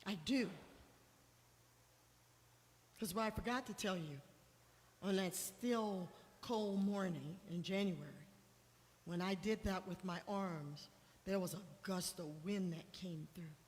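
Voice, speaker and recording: A woman's voice: on the low side, a little slow. Middle-aged woman telling an emotional testimony in a reverberant hall. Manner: emotional storytelling, voice rising when quoting herself. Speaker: guest speaker sharing testimony. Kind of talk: personal testimony talk. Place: church hall.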